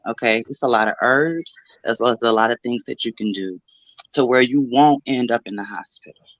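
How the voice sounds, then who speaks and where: Middle-aged woman caller, low voice, motherly and encouraging, dry close sound. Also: a little fast, dry recording, lo-fi sound. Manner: motherly and encouraging, with pet names. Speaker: caller giving advice. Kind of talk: supportive call-in chat.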